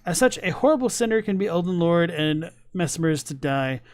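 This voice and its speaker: Male streamer, high clean voice, casual rambling reaction chat, dry close sound. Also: animated, moderate pace, dry recording. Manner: chatty, many fillers and restarts, laughs.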